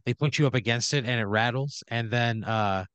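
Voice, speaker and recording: A man's voice: mid-range voice, normal speed, a bit bright, smooth, no room sound. A man on a comedy podcast telling a long improvised hypothetical, rambling with lots of "like" and "right?".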